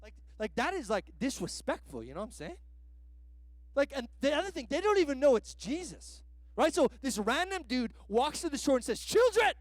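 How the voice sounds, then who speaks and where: A guest pastor, a man, preaches in a loose, conversational way, leaning on slang and "like" fillers. His voice sits very high and moves around a lot in pitch. The sound is dry and close, with little room in it. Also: very animated, fairly quick, dry recording. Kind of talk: sermon.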